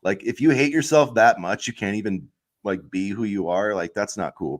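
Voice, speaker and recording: A man talks sports on a podcast with a somewhat low voice. He rants heatedly and rambles, packing his talk with filler words. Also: normal speed. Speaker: podcast co-host. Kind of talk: casual sports chat.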